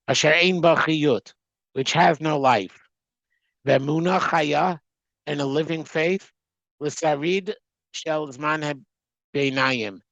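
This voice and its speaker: A man teaching a text study class, reading aloud and translating line by line, often halting and restarting words as he goes. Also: fairly high pitch, no echo, rough recording. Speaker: Torah teacher.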